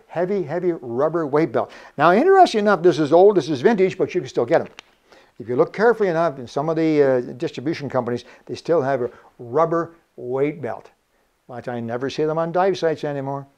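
Here the vintage scuba show host, an older man from Canada, speaks on the high side with a slightly mellow tone. He chats and jokes his way through a casual show-and-tell of old diving gear, laughing often.

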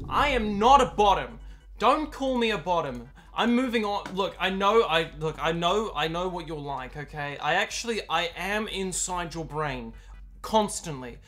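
A young woman with a New Zealand accent reacts to viewer messages on a live stream, swinging between mock outrage and dry, deadpan asides. Her voice is bright and forceful, and faint music plays behind her. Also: medium pitch.

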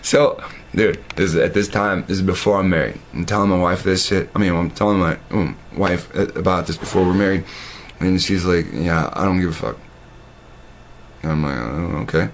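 Low-voiced man with a gravelly edge, rambling and profane, casual storyteller. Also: moderate pace, a little hiss or hum. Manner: profane, loose and conversational with many restarts.

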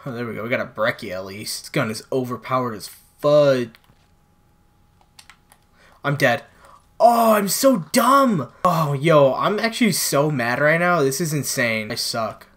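A man's voice: medium pitch, expressive, normal speed, fairly bright tone. A man commentating his own gameplay for viewers on a new microphone, frustrated and exclaiming as he plays. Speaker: gaming channel host. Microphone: new desktop microphone.

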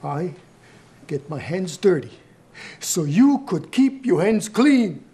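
In a comedy sketch, a man portrays an elderly Italian immigrant mob grandfather, speaking halting, broken English in an Italian accent and lapsing into Italian. His mid-range voice is animated yet mellow as he tells a grave story.

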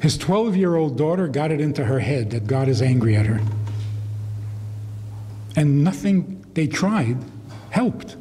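A man with a mellow, fairly high voice speaks slowly as he lectures to an audience, telling wry anecdotes and chuckling at his own jokes. His pitch swings widely as he works the story. The sound carries a long hall reverb. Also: expressive, slight background noise. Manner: humorous, wry, laughs at his own stories. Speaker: rabbi lecturer.

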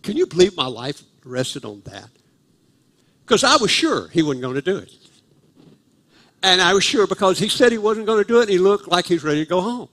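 A man's voice: high-pitched, very animated, fairly quick, long pauses, a bit bright. An older man, preaching a sermon at a live church service and telling a humorous, self-deprecating story about his past. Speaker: guest preacher.

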